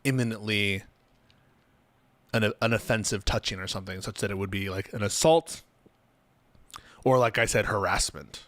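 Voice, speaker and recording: A man's voice: on the low side, fairly even intonation, moderate pace, long pauses, fairly bright tone, dry recording. A man hosting a stream, reacting casually and thinking aloud about a legal question. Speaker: streamer host.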